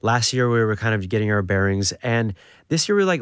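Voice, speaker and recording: A singer and actor chats casually as a radio guest, relaxed and talkative, often restarting his sentences. His voice is fairly low and fairly quick, with a clean tone and no echo.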